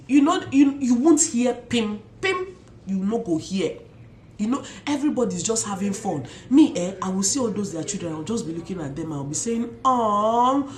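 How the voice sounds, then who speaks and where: Animated Nigerian woman in an echoey room. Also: medium pitch, a little hiss or hum. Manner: animated, mixes Pidgin asides, imitates loud shouts. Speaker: vlogger. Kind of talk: casual storytelling to camera.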